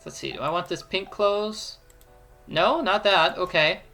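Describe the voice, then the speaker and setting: A man's voice: high voice, a little slow, vocal fry, pushed and bright, soft background music. A man giving a playful walkthrough of an adventure game, explaining each step and joking along. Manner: playful, explains steps, jokes and does voices. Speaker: let's play commentator.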